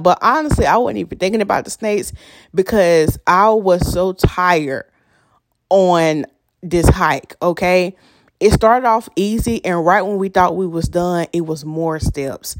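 A young woman, hosting a podcast and telling a story in a chatty, animated way. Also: lowish voice, no room sound, studio quality. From North Carolina. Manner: chatty, animated, addresses listeners as y'all. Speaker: podcast host. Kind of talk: casual storytelling monologue.

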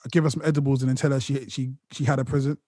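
Husky high-voiced man, jokey podcast co-host, dry close sound. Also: flat delivery, very fast, warm tone, no room sound. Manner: jokey, rattles off mock dialogue. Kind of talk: casual chat.

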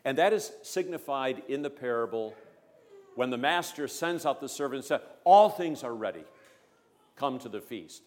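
A man preaching a sermon as pastor, emphatic, swelling loud on key phrases and dropping low between them. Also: animated, normal speed. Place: church sanctuary. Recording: long church reverb.

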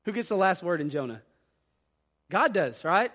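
Animated high-voiced male pastor preaching. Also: normal speed, in a large hall. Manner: animated, rising loud for emphasis, reads scripture aloud. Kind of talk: sermon. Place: church sanctuary.

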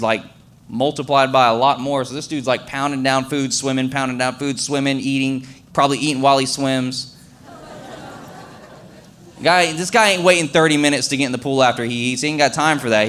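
A man's voice: medium pitch, a bit bright, slight background noise. A young man preaching a casual, conversational sermon as a pastor, full of fillers and acted-out quotes.

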